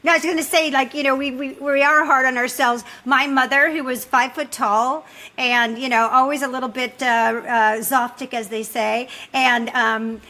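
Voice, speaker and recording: A woman's voice: high voice, moderate pace. A middle-aged woman co-hosting a casual interview, telling stories animatedly and acting out what others said. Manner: animated storyteller, acts out quoted lines. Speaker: podcast co-host. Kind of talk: casual chat.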